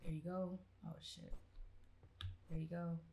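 A young woman, reacting loudly and profanely while playing a horror game. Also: fairly low pitch, flat delivery, a little slow, gravelly, slight background noise. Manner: loud, profane, exasperated reactions. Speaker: gaming YouTuber.

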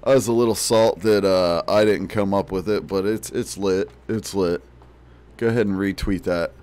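A man's voice: deep voice, steady tone, moderate pace, a little mellow. A man doing parody streamer commentary over gameplay, boastful and mock-serious, full of jokey slang. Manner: jokey slang-filled patter. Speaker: gaming video creator.

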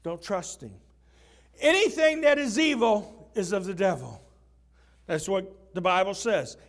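A pastor preaching with a striking high-pitched voice. He builds his sermon with fervor and breaks into shouting at the big moments. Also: lively intonation, unhurried. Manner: impassioned preaching, shouting at peaks.

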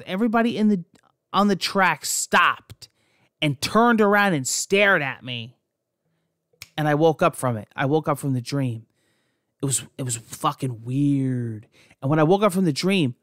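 Rambling, cursing podcast host, dry sound. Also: male voice, a little high, a bit bright, no room sound. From New Jersey. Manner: rambling, profane, frequent restarts. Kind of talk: casual personal storytelling.

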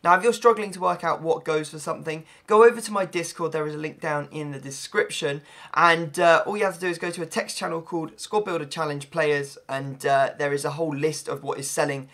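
A man commentating on his game in a chatty, rambling way. His voice is hoarse and slightly gravelly, and it sits a touch high with a bright, forward edge. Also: a little fast. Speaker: gaming YouTuber. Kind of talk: gameplay commentary.

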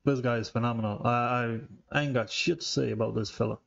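A man's voice: mid-range voice, fairly even intonation, fast, gravelly, lo-fi sound. A man hosting a reaction video, chatting casually with tobacco in his mouth, rambling, leaning on "like" and swearing freely.

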